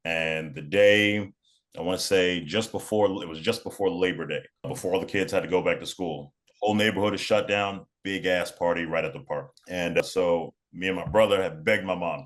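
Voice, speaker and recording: Low-voiced man telling a story. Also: normal speed, a bit bright. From New York. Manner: laid-back, repeats and restarts phrases, cusses. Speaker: podcast guest. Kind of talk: storytelling in a casual interview.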